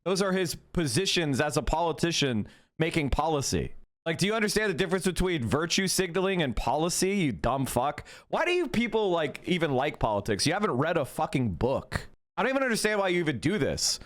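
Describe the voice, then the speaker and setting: Man, political streamer, combative and foul-mouthed, voice swinging up and down a lot, pitched a bit high. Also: big pitch swings, fairly quick. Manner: combative, profane, mocking. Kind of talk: live-stream rant to chat.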